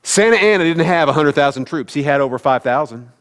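A man's voice: a little high, animated, fast, fairly bright tone, big-room sound. A middle-aged male pastor preaching a conversational sermon, with joking asides to the congregation. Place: church sanctuary.

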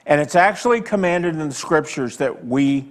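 A male pastor preaching a sermon slowly and emphatically, with dramatic pauses, and asking the congregation direct questions. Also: fairly high pitch, expressive. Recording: long hall reverb.

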